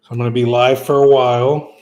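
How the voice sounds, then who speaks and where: Male streamer, casual off-the-cuff rambling, keeps circling back, average pitch. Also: little pitch movement, brisk, darkish tone. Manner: rambling, repeats and restarts phrases. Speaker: livestreamer. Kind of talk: rambling casual livestream chat.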